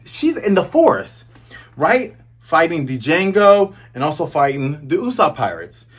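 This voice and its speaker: A man hosts a casual comic review and recaps the chapter with excited, jokey asides. His voice swings widely in pitch and is a bit higher than most men's. It has a husky, slightly rough texture. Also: a little slow. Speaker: host.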